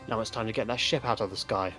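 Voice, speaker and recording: A man doing a brisk guilt-ridden time traveller. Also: lowish voice, bright, forceful tone, soft background music.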